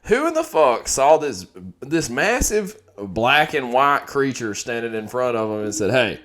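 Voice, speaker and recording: Lively joking podcast co-host man. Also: mid-range voice, a little slow. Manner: incredulous, joking, asks questions. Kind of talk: casual chat.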